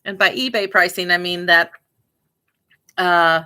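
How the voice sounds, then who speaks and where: Woman, Midwestern, low voice, slow pace, chatty, thinking aloud, reseller vlog. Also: steady tone, bright, forceful tone. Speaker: online reseller and vlogger. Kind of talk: casual chat while working.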